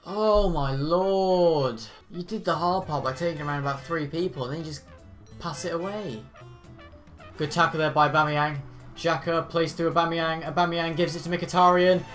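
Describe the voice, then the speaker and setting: Excitable man shouting through match reactions. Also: a little high, fairly quick, faint music behind. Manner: excitable, bursts into shouting at players; play-by-play narration mixed with rants. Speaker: football fan reacting to a match. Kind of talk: live match reaction commentary.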